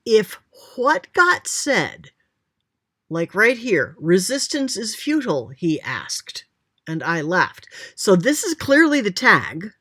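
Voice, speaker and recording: A woman's voice: mid-range voice, huge pitch swings, slow, sharp tone, no room sound, studio quality. A woman explaining a grammar lesson as a writing teacher, chatty and thinking aloud while pointing at examples.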